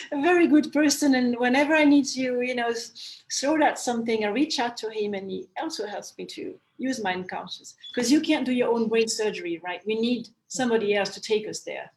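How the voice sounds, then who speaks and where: A woman coach chatting on a podcast, telling a client story with animated quoted voices. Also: fairly high pitch, normal speed, rough recording. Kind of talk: casual podcast conversation. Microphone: podcast mic, online call.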